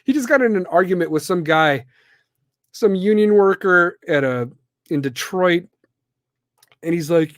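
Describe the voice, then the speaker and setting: A man's voice: high voice, expressive, a little slow, long pauses, no room sound, studio quality. A man from the Midwestern US hosting a live podcast, ranting bluntly and with plenty of profanity. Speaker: podcast host.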